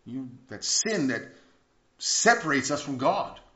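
A man preaching a sermon, earnest, moving between hushed passages and emphatic bursts and repeating words for emphasis. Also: medium pitch, sing-song, slow. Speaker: pastor. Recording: echoey room, dull lo-fi sound.

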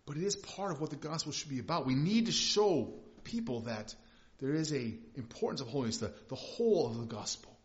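A man's voice: on the high side, expressive, brisk. A male pastor giving a conversational, emphatic sermon, often restarting his phrases. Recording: slightly dull lo-fi recording.

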